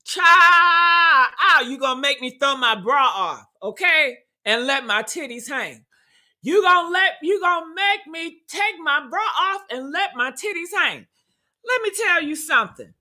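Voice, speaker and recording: Loud, bright-voiced woman ranting bluntly. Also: sits high, lively intonation, normal speed. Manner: loud, blunt, profane, emphatic. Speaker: commentator reacting to comments. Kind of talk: live reaction commentary.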